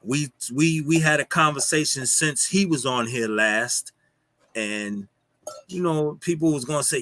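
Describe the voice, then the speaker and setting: A man's voice: on the high side, measured pace, pushed and bright, no echo. A man talking casually on a livestream, telling stories in loose street slang, saying "yo" a lot. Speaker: guest. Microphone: streaming call mic.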